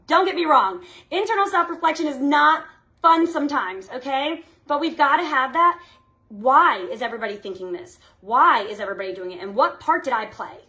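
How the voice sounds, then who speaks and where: A woman's voice: high voice, animated, brisk, pushed and bright. A woman gives a chatty motivational talk to her sales team, checking in with "okay?" after nearly every point. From United States. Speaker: team leader.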